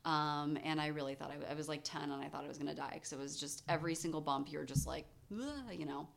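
A woman in her thirties co-hosting a casual chat podcast, telling a story in a chatty, animated way with lots of fillers. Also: sits low, fast talker, creaky, background noise. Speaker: podcast co-host.

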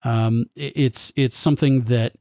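A man's voice: medium pitch, fairly even intonation, unhurried, a little mellow, no echo, clean studio sound. A man in a casual film discussion, analytical and given to long winding sentences with restarts.

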